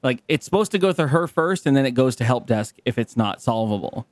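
A young man co-hosting a podcast, talking in a loose, rambling way with plenty of swearing. His voice sits at a middle pitch and sounds dry and close, with no room around it. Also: expressive, a little fast, no echo. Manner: rambling storyteller who swears freely. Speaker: podcast co-host. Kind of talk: casual chat.

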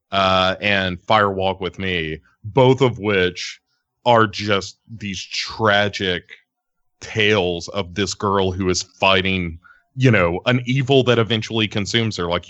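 A man's voice: fairly low pitch, fairly bright tone, no echo, lo-fi sound. A man co-hosting a podcast, talking casually and rambling, laughing easily and swearing now and then. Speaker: podcast co-host. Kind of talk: casual chat.

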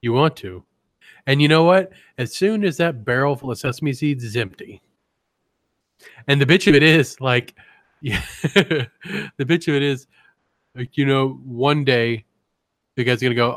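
A man's voice: medium pitch, measured pace, pauses often, fairly bright tone, dry recording. Rambling, crude podcast co-host, a man. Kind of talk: casual comedy podcast chat.

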